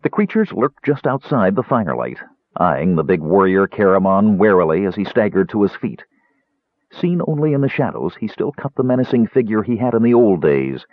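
A man reading a fantasy novel aloud in an expressive, dramatic narration. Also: on the low side, moderate pace, no echo. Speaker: audiobook narrator. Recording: tinny narrow-band dry recording.

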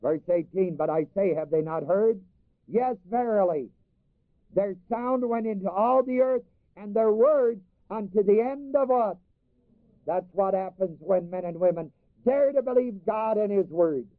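A man with a high-pitched voice preaches a little slowly, with no room sound in the dry, phone-like recording. He reads scripture in old King James language, explains it, repeats phrases for emphasis, and lets the congregation fill in the ends of his lines.

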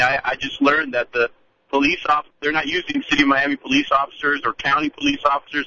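A male caller speaks over a tinny, lo-fi phone line with faint noise behind him, stumbling and repeating words as he makes his point. His voice sounds bright and sharp. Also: mid-range voice. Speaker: radio caller. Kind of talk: call-in phone talk.

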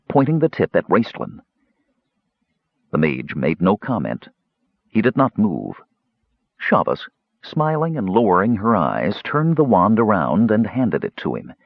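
Lively husky male audiobook narrator. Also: low voice, dry recording, dull audio. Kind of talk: scripted fantasy narration.

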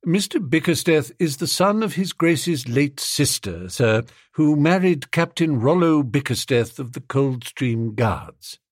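A man voicing an unflappable, formal male valet in an audiobook, speaking in a measured, deferential way. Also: a little high, lively intonation, no echo, clean studio sound. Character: proper, unflappable male valet, knows everything. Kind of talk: audiobook character voice.

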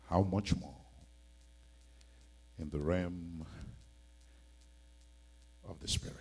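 A man's voice: deep voice, steady tone, drawn-out words, pauses often, a little mellow, slightly rough. A man preaching a church sermon as a bishop, pleading and emphatic, with many rhetorical questions.

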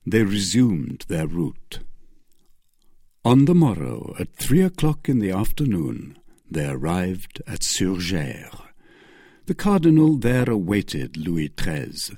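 A man reads a classic adventure novel aloud in an expressive audiobook style. His voice is husky and his pitch moves widely. The recording is dry, with no room echo. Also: slow pace. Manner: expressive, varied pitch reading. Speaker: audiobook reader.

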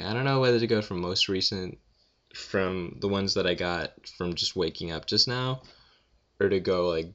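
A man's voice: low-pitched, sharp tone, highs cut off. A young man who has just woken up, telling a rambling story and answering questions in a casual, self-mocking way full of fillers.

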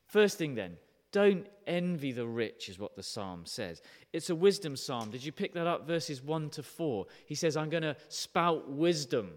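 A man preaching an animated, emphatic sermon, often putting questions to his listeners. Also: a little high, normal speed, few pauses, long reverb tail. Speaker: pastor.

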